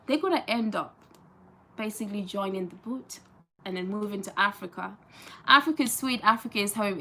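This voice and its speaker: A young woman from Gambia chats loosely with her live-stream audience. Her voice is bright and forward, with a medium pitch. She talks emphatically and often repeats short phrases for stress. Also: creaky, slight background noise. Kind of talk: casual live-stream chat.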